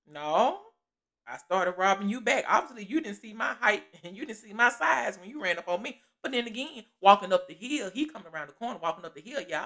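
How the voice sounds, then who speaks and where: A woman telling a story in a casual vlog, lively and laughing, acting out the people in it and calling listeners baby. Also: mid-range voice. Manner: animated, laughing often, acting out quoted voices; Southern Black American vernacular, calls listeners baby.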